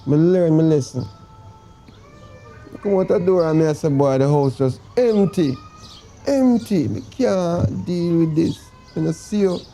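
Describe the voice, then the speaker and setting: An actor with a Jamaican accent playing a remorseful boyfriend who pleads dramatically to be taken back. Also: male voice, on the high side, unhurried, dark tone, soft background music. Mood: pleading. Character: pleading remorseful boyfriend begging to come home. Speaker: actor in comedy sketch. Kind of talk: comedy sketch acting, phone call.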